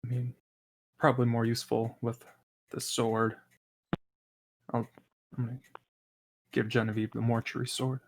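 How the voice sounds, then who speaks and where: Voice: mid-range voice, little pitch movement, moderate pace, long pauses, a little hiss or hum. A player in a tabletop game, speaking matter-of-factly. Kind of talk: casual tabletop play.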